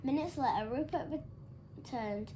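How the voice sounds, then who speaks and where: A woman reads a children's picture book aloud in a high, bright register. She is animated and expressive throughout. A faint hiss of background noise sits under her voice. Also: a little slow. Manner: animated, gives characters lively voices. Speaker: storybook reader.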